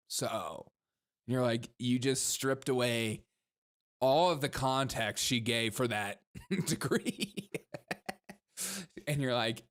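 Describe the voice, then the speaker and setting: A young man hosts a show in a mid-range voice, taking his time as he reacts to news clips. His commentary is sarcastic, and he mimics the speakers in mocking voices.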